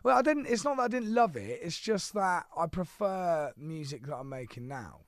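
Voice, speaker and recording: A man, a guest in a casual radio interview, relaxed, self-deprecating and quick to laugh. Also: fairly high pitch, dry recording. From England. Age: 30s. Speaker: guest singer. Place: radio studio. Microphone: studio microphone.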